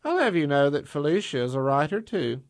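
A man reading a story voices a proud, quick-tempered woman writer who fires back indignant retorts. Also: on the high side, lively intonation, creaky, pitched above the performer's own voice. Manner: sharp retorts, indignant questions.

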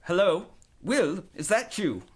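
A man reading a storybook voicing a sharp, clipped woman, an aunt, insistent and firm. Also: sits high, sing-song, slow pace, husky, pitched above the performer's own voice, exaggerated voice.

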